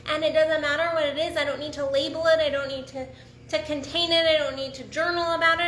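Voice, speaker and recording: A woman's voice: high-pitched, roomy sound, slight background noise. A woman coach talking frankly and casually on her own, with blunt swearing and frequent restarts. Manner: frank and profane, animated, restarts often. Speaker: sex and relationship coach. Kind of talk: casual solo talk to camera.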